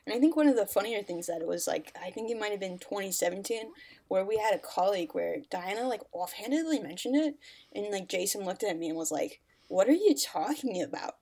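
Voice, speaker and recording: A woman's voice: medium pitch, animated, fast, a little mellow. Earnest, complimentary woman podcaster. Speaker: podcast co-host. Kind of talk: casual chat.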